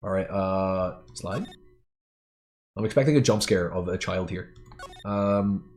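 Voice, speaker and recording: A man's voice: low voice, slow, a little mellow, faint music behind. A man grumbling and swearing while commenting on a game playthrough. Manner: grumbling, profane. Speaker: game player.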